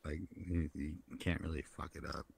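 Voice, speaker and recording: Deep gravelly man chatting casually. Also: level tone, normal speed, no room sound. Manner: rambling, swears often, talks about comics. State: drinking. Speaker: streamer hanging out in social VR. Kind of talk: casual chat.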